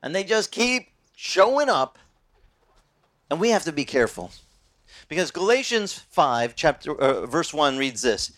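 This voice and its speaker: A male preacher delivering a sermon in a lively, conversational way. His voice sits a bit high and swoops widely as he stresses points. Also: measured pace. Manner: animated, conversational, with repeated restarts. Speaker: pastor.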